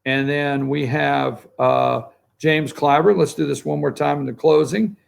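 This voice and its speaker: Gravelly man doing political commentary. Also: on the high side, fairly even intonation, unhurried. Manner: rambling, addresses his producer while calling up pictures. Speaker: political talk show host. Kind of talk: political commentary on a morning show. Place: studio.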